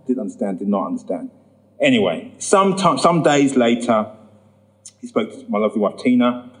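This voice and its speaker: A man telling his personal testimony in a sermon, acting out the voices in his story and rising high when he gets emphatic. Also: expressive, normal speed, rough recording. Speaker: preacher giving testimony.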